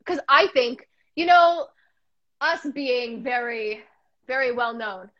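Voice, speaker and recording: A young woman hosting a casual chat, telling stories in a rambling, animated way with lots of restarts. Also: fairly high pitch, slow. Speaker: podcast host. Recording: dull lo-fi audio.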